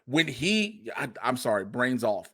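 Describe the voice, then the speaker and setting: A man hosting a podcast in casual chat, animated and profane, acting out quotes in funny voices. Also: mid-range voice, measured pace, breathy edge. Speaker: podcast host.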